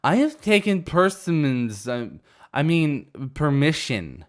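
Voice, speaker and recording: A man's voice: huge pitch swings, measured pace, fairly bright tone. A man voicing a drunk, rude young woman partygoer in a story reading, whiny and slurring. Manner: slurring, whiny, shrill outbursts.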